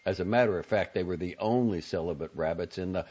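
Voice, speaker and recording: A man's voice: sits low, fast talker, darkish tone, breathy edge. Man voicing wry, teasing Zooey. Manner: wry, drawling, sardonic. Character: young man, glib, teasing, outspoken brother. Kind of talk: audiobook character voice. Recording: dull lo-fi audio.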